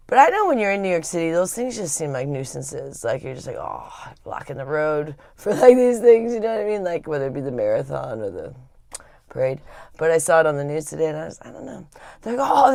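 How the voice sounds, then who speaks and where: A woman's voice: sits low, creaky, a little mellow, no room sound, clean studio sound. A woman hosting a live stream in casual chat, rambling and chatty with a lot of filler words. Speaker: livestream host.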